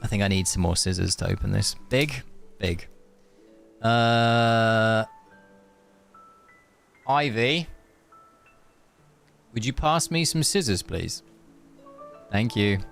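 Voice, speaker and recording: A man's voice: lowish voice, slow pace, vocal fry, long pauses, a bit bright, faint music behind. A young man streaming a game, chatting loosely with viewers and thinking aloud, with lots of fillers and restarts. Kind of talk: casual live-stream chat.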